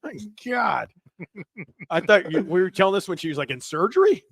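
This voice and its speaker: A man co-hosting a podcast, telling crude, animated stories in a casual chat. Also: sits high, quick pace, no room sound, studio quality. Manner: animated, profane storytelling with laughs. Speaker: podcast co-host.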